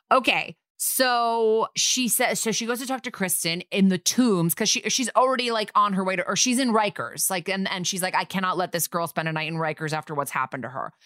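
A woman with a fairly low, fairly bright voice co-hosts a podcast, chatting casually through a recap of a TV episode. She acts out the lines she quotes in playful, funny voices. The recording is dry and close, with no echo or room around it.

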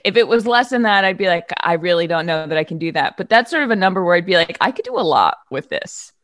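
A woman's voice: fairly low pitch, big pitch swings, quick pace, fairly bright tone. A woman guest on a podcast game show, chatty and given to telling little stories. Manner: chatty, storytelling. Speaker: guest, sports media host. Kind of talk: casual podcast chat.

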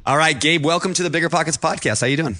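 Fast, bright, lively podcast host man. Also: a little high. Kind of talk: casual chat.

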